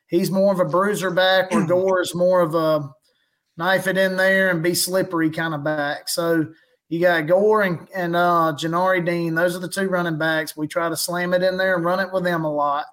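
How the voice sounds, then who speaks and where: A man's voice: high voice, little pitch movement, normal speed, a bit bright. A man, a guest chatting casually about his football team, rambling and chuckling as he tells stories. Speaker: guest fan podcaster. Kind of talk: casual chat.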